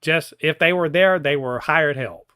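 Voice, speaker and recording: A man's voice: fairly high pitch, measured pace, pushed and bright, smooth, no echo, clean studio sound. A man co-hosting a podcast, ranting in a heated, profane way in casual chat. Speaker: podcast co-host.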